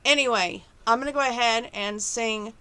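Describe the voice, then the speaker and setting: A woman's voice: fairly high pitch, normal speed, pushed and bright, smooth. A woman chatting to camera from her bedroom at home, rambling and opinionated about relationships and her plans. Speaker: vlogger. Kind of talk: casual chat to camera.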